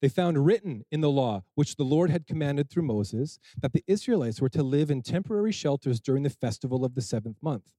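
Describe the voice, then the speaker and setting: A male pastor preaching a sermon, reading scripture aloud and retelling the scene in a lively, storytelling way. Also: medium pitch, fairly quick, hardly any pauses, no echo, poor audio.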